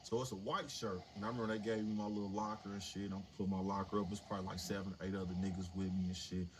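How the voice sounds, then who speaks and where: A man's voice: fairly low pitch, little pitch movement, very fast. A man in his forties telling a story casually and animatedly on a livestream, swearing freely. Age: 40s. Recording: noisy livestream audio.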